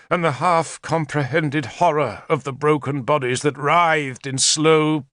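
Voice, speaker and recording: A man's voice: on the high side, sharp tone, no room sound, studio quality. A man reading an audiobook aloud in first-person scripted narration, with an intense, dramatic storytelling manner.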